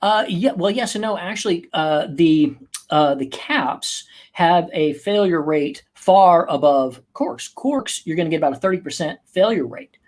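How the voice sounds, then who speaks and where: A man hosting a casual chat, telling stories with lively acted-out quotes. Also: a little high, unhurried. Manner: animated storyteller who acts out quoted lines. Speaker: podcast host.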